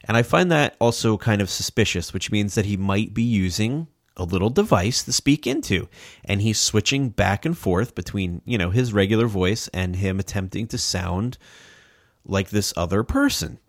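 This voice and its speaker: Animated, swearing male podcast host. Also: lowish voice, normal speed, no room sound, clean studio sound. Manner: animated, swearing, mock-outraged. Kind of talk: casual comedic chat.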